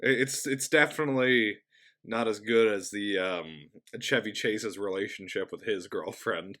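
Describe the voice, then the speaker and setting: A man's voice: lowish voice, unhurried, bright, forceful tone. A man co-hosting a film review podcast, chiming in casually with short agreements and added details. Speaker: podcast co-host.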